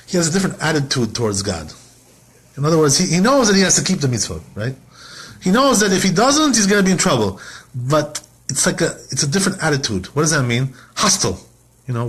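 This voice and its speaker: A man's voice: mid-range voice, breathy edge. A man teaching as a rabbi in a Torah lesson, asking himself rhetorical questions and acting out quoted complaints.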